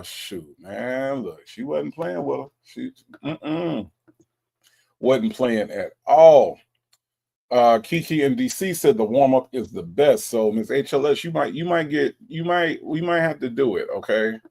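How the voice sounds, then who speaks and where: A man's voice: mid-range voice, gravelly, darkish tone. A man hosting a livestream in a casual way, greeting viewers by name as he reads their chat messages aloud and teasing them playfully. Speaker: livestream host.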